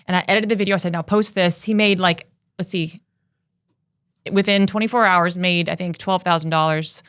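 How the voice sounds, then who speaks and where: A woman with a somewhat low voice, speaking as a guest business coach on a podcast. She tells her stories earnestly and in a motivational way, at a relaxed conversational pace. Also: moderate pace, smooth. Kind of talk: casual conversational interview.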